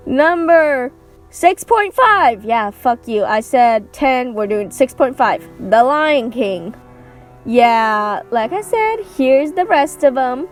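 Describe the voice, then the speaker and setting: A woman's voice: sits high, lively intonation, slow, soft background music. A woman vlogger ranting through a casual movie review, sarcastic and swearing, acting out what characters say. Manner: sarcastic, swears, acts out quotes.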